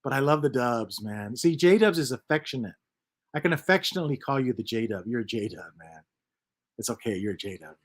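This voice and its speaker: A man's voice: mid-range voice, animated, normal speed. A man hosting a casual livestream, reading chat comments aloud and rambling on with lots of repeats and mutters.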